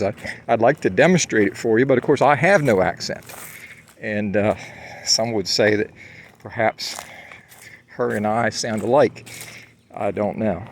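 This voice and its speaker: A man's voice: lowish voice, a little hiss or hum. A man talks to his viewers while out on a hike, rambling casually with many fillers and restarts. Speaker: vlogger. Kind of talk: casual walking monologue. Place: outdoors on a hike.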